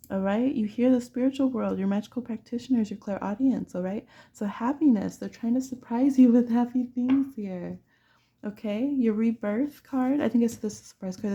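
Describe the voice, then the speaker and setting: A woman's voice: fairly high pitch, a little fast, warm tone, slightly rough, dull audio. A woman giving a chatty pick-a-card tarot reading who laughs often and acts out little voices. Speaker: tarot reader.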